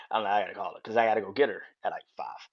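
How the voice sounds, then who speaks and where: A man's voice: lowish voice, fast, vocal fry. A man hosting his own podcast, casually telling a personal story in a rambling, repetitive way, swearing freely and chuckling often. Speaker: podcast host. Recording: dull lo-fi sound.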